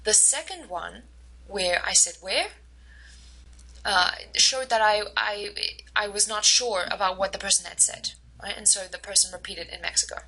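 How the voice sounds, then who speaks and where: A woman with a bright, slightly husky voice teaches a recorded lecture. She explains step by step, pauses on fillers, and acts out short example exchanges to make each point. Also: mid-range voice, rough recording. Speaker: instructor.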